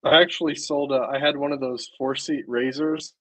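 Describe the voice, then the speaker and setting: A man's voice: medium pitch, steady tone, moderate pace, a bit bright, poor audio. A man in a casual chat, telling a wry, blunt anecdote.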